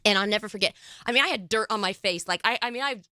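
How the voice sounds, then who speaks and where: A woman hosting a casual interview, an animated storyteller who laughs often and acts out quotes. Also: mid-range voice, fast, no echo, studio quality. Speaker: podcast host.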